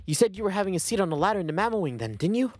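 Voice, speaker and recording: A man voicing a sharp young detective who interrogates a suspect with insistent, accusing questions, reading game dialogue aloud. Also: high-pitched, big pitch swings, racing, soft background music. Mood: pressing.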